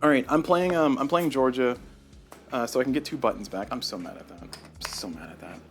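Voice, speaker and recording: A man streaming a solo board game, chatting through every move in a mid-pitched voice. He grows loudly exasperated over bad dice rolls, with faint music playing behind him. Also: fairly quick.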